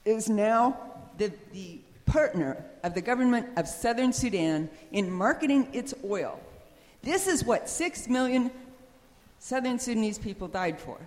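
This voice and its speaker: A woman's voice: fairly high pitch, a little mellow. A woman making an earnest, pointed public comment at a meeting, with flashes of frustration. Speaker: public commenter, radio news reporter. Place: meeting hall. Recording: long reverb of a meeting hall.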